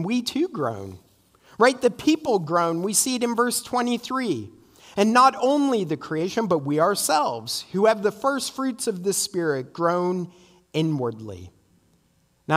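High-voiced preacher in an echoing hall. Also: male voice. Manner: earnest, emphatic preaching with repeated "right?" asides. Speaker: pastor. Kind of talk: sermon. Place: church sanctuary.

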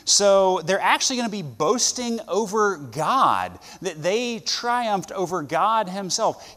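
A man preaching a sermon to students, earnest, with loud stresses and soft asides. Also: high voice, very animated, slow pace, hardly any pauses, big-room sound.

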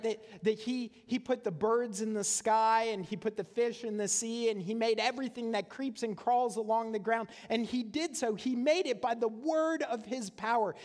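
In a church sanctuary's large hall, a male pastor delivers his sermon in a conversational way, frequently asking the congregation "right?". His voice is high-pitched and a little mellow.

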